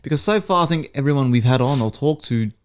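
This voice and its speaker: A man's voice: medium pitch, animated, quick pace, slight background noise. A man hosting a podcast in casual chat, laid-back and swearing a lot. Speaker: podcast host.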